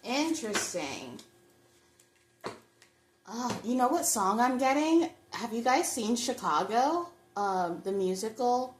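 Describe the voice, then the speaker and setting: A woman's voice: on the high side, big pitch swings, slow, roomy sound, background noise. A woman giving a chatty pick-a-card tarot reading, talking straight to her viewers. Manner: chatty, reflective, addresses viewers directly. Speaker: tarot reader.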